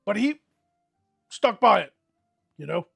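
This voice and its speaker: A man hosting a livestream fantasy role-play, delivering a rambling, mock-solemn eulogy with animated comic timing. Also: sits high, takes it slowly, creaky, breathy edge, faint music behind. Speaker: host leading an improvised fantasy guild meeting.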